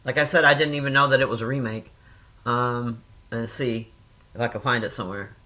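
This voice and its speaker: A woman in her fifties talks casually to her viewers, rambling from one thought to the next. She swears freely and laughs easily. Her voice is bright and clear. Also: very deep voice, fairly even intonation, fairly quick. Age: 50s. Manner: rambling, profane, chatty; laughs often. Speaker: reaction vlogger. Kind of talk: casual chat.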